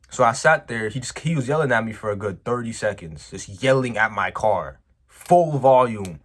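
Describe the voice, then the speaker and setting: A man's voice: medium pitch, moderate pace. A man, a business owner, telling a personal story in a casual, emphatic vlog monologue, full of slang. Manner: animated, emphatic, slangy, says "bro".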